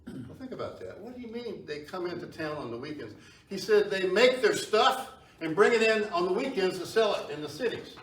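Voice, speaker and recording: A man's voice: high-pitched, animated, a little fast. A man giving a conversational public history talk to an audience, often asking them questions. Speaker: history lecturer. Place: meeting hall with audience. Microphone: far tripod camera. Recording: echoey hall from far off.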